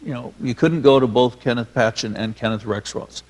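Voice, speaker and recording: A man's voice: medium pitch, fairly quick. A man, a filmmaker guest, reminiscing onstage in a rambling, filler-laden storytelling way.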